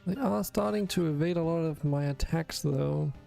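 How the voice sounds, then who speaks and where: A man's voice: a little high, normal speed, creaky, warm tone, faint music behind. A man casually talking through his gameplay on a stream, rambling, drowsy and self-correcting as he goes. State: yawning, sleepy.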